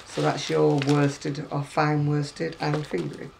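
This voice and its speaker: British woman crochet vlogger, gravelly mid-pitched voice, rambling and wry, faint hum behind. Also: monotone, takes it slowly. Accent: British English. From Britain. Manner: chatty, rambling, wry asides. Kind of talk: casual chat showing magazines. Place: at home.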